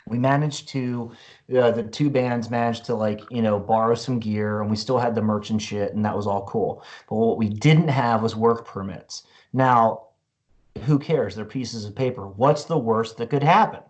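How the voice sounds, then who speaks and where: A man in his forties, a guest musician, telling a story in a casual, profane way full of "like" and "you know.". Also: mid-range voice.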